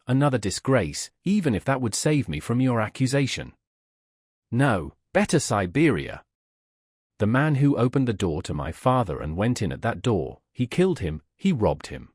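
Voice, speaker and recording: A man's voice: mid-range voice, darkish tone, breathy edge, no room sound, clean studio sound. A man reading the part of a proud, desperate accused man who bursts out in impassioned protests.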